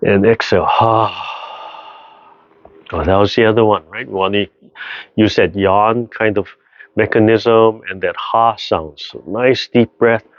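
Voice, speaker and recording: A man teaching a seated tai chi and qigong class over a video call, giving slow, gentle instructions with sighing breaths. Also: lowish voice, fairly even intonation, dry recording, dull audio. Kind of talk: guided seated exercise class.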